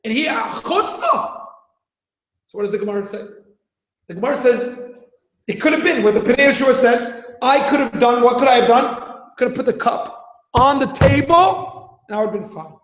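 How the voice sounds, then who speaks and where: In a lively classroom lesson, a thirtysomething male teacher acts out scenes, raises his voice to stress points and keeps throwing out rhetorical questions. He speaks at a normal speed with a very high-pitched, lively intonation, captured in poor audio from an echoey room.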